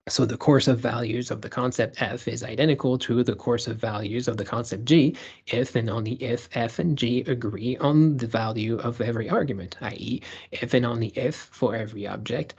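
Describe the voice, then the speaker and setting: A man with a husky, slightly breathy voice gives a lecture over slides. He talks in a discursive way, often trailing off and restarting his sentences. The recording is dull and lo-fi. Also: mid-range voice, moderate pace, darkish tone.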